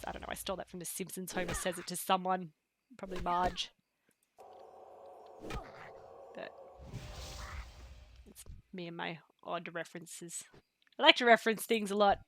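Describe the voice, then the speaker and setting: A woman chatting casually on a live game stream, rambling with many fillers and dropping into soft asides. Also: fairly low pitch, a little hiss or hum. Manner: rambling, chatty, full of fillers and pop-culture quotes. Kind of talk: casual live-stream chat while gaming.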